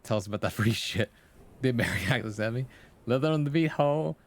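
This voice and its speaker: A man with a mid-range, animated voice talks at a quick pace on a live stream. He chats casually with viewers and improvises stories, swearing, joking and laughing often.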